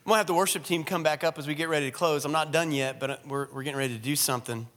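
Man, pastor, sermon, emphatic, slightly high voice, long reverb. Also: fairly even intonation, fast, a bit bright. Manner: earnest, emphatic, repeats phrases for emphasis. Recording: echoey hall with long reverb.

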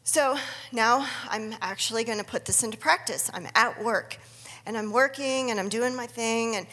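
Middle-aged woman sharing an earnest testimony, slightly high and breathy. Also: moderate pace, bright, forceful tone, long reverb tail. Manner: earnest, storytelling, acts out her own inner dialogue. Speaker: speaker sharing a faith testimony. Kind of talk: personal testimony talk.

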